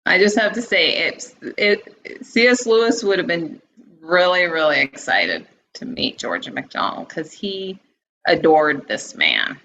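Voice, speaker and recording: A woman's voice: fairly low pitch, lively intonation, unhurried, a bit bright, a little hiss or hum, low-quality recording. A woman guest in a casual book discussion who talks enthusiastically, laughs often and uses many fillers. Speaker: guest blogger.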